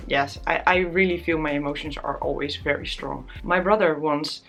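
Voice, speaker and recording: A woman's voice: lowish voice, moderate pace, few pauses, faint music behind. A young woman talking candidly to camera in a casual vlog, tearful and laughing at herself. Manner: candid, self-deprecating, often laughing. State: tearful, close to crying. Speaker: vlogger.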